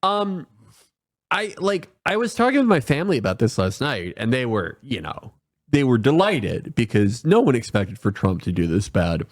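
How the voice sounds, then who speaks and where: A man on a livestream as a guest, riffing sarcastically in casual chat with deadpan jokes and lots of fillers. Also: medium pitch, moderate pace. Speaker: guest commentator.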